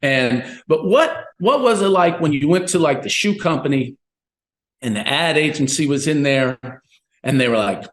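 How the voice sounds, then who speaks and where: A male co-host with a high, very lively voice leans into the banter and acts out quotes. His pitch swings widely. The sound carries a noticeable room echo. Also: normal speed. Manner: playful, laughing, acts out quotes. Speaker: podcast co-host. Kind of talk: casual interview chat.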